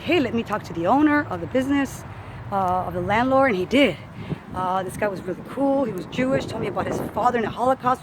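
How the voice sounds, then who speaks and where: A woman's voice: mid-range voice, background noise. A woman fitness coach telling a personal story in casual talk, acting out what others said. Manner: animated, acts out quoted voices.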